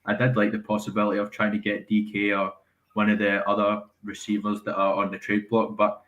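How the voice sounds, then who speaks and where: A man from Scotland with a Scottish accent, calling in to a live stream and talking haltingly with lots of pauses and restarts. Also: on the low side, monotone, a bit bright, lo-fi sound. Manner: hesitant, many ums and restarts. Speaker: caller. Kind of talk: casual call-in chat.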